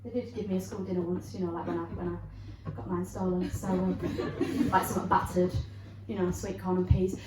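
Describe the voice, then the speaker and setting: A woman's voice: fairly low pitch, flat delivery, fairly quick. A young woman from England doing a stand-up set, telling stories animatedly and swearing. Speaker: stand-up comedian. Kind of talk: stand-up routine. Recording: echoey, distant, noisy room.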